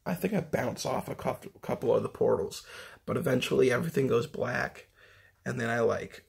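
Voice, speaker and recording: Gravelly-voiced man rambling through a story. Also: medium pitch, steady tone, normal speed. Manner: rambling, heavy swearing and filler words. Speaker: vlogger recounting a dream. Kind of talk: casual storytelling monologue.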